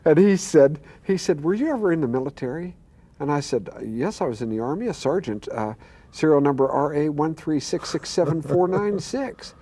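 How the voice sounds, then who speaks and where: Older pastor guy telling his story, mellow and kinda breathy, repeats himself. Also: fairly high pitch, expressive, moderate pace. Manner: earnest storyteller who quotes voices and stammers. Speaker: pastor and guest. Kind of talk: telling a personal testimony.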